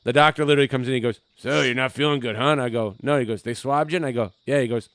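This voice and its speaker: A man's voice: medium pitch, steady tone, very fast, a bit bright, no room sound. A young adult man who co-hosts a podcast, telling profane stories in casual chat and acting out the people in them. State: recovering from covid. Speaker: podcast co-host. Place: home basement.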